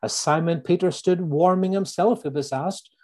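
Mellow Northern Irish preacher. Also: male voice, high-pitched. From Northern Ireland. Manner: emphatic, repeats key lines slowly for weight. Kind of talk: sermon.

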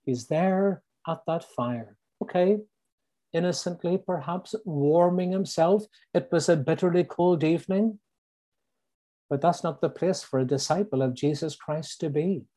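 A middle-aged Northern Irish man preaches a sermon in his native accent, slowly repeating his key lines for emphasis. His voice is fairly high in pitch with a dark tone.

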